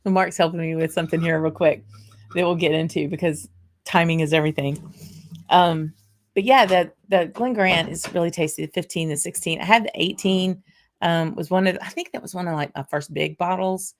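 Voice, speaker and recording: A woman's voice: on the low side, a little fast. A woman with a South Louisiana accent hosting a whisky show, chatting with many fillers and laughs, then reading a poem with theatrical flair. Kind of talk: casual chat and dramatic poem reading.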